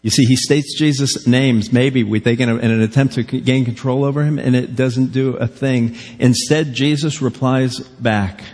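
A male pastor preaches in a church sanctuary, earnest and conversational, often posing rhetorical questions to the congregation. His mid-range, darkish voice holds a steady tone at normal speed with few pauses, and the large hall adds long reverb.

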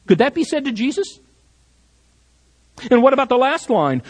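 A man's voice: extremely high pitch, very animated, normal speed, long pauses. A male pastor preaching an expository sermon, emphatic and rising sharply on repeated commands.

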